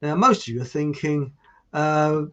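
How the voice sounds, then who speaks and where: Fairly high-pitched and a little slow, his voice sounds pushed and bright, though the audio is dull. He's hosting his own online show, a casual, rambling live stream where he jokes, laughs at his own quips, and reads out viewer comments.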